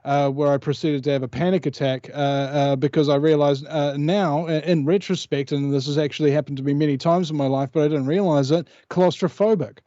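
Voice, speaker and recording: A man's voice: on the high side, steady tone, a little fast, few pauses, mellow, no echo. New man, dull lo-fi call. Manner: rambling storyteller, many hesitations. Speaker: guest. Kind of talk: casual interview chat.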